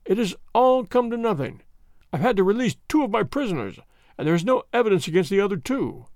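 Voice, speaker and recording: A man's voice: sits high, very animated, brisk, darkish tone, no room sound, studio quality, pitched above the performer's own voice. A man voicing a bluff, hearty police inspector with a blustering manner. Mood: businesslike.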